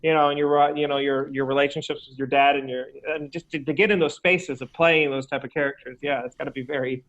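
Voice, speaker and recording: A man's voice: fairly high pitch, fairly even intonation, a bit bright. Man on a dull lo-fi call. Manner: reflective, halting, with restarts. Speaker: opera singer in a talk show. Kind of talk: casual conversation. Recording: dull lo-fi sound.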